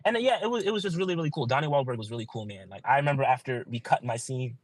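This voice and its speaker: A man's voice: mid-range voice, lively intonation, racing, no room sound, poor audio. Earnest young man telling a story. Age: young adult. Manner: earnest storytelling, many likes and you-knows. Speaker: guest actor. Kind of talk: casual podcast chat.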